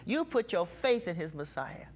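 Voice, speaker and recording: A woman preaching a sermon with passion, slowing down and getting louder when she reads scripture. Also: on the low side, sing-song, a little hiss or hum.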